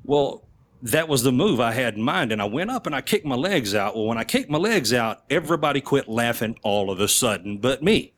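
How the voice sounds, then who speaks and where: A man, a military veteran, telling funny stories on a podcast and laughing often as he goes. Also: brisk. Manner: animated, laughs often, swings his voice up high for quoted lines. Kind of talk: casual podcast storytelling.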